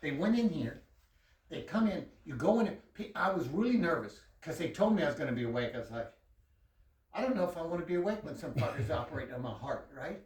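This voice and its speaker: A man telling a profane, animated story full of quoted dialogue in a casual chat with a friend. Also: on the high side, quick pace, reverberant, distant mic, rough recording. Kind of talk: casual anecdote told to a friend.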